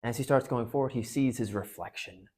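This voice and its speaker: Husky man retelling a story in class. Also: mid-range voice, fairly quick, dark tone. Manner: conversational, with frequent restarts and fillers. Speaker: parish speaker on literature. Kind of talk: casual talk retelling and analyzing a book.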